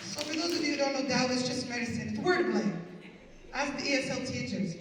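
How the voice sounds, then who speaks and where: A woman's voice: fairly high pitch, fairly quick, background noise. A woman in her fifties doing live stand-up storytelling, with a wry, punchy delivery full of wordplay. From Canada. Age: 50s. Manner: wry, punchy, plays with words and accents. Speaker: stand-up comedian. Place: community event hall. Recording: echoey hall from far off.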